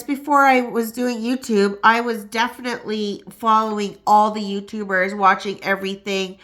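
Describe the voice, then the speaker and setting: A woman's voice: mid-range voice, bright, forceful tone. A woman hosting a gossip channel in casual chat, emotional and laughing often, with many fillers. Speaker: YouTube gossip host. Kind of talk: casual chat and rhyming poem reading.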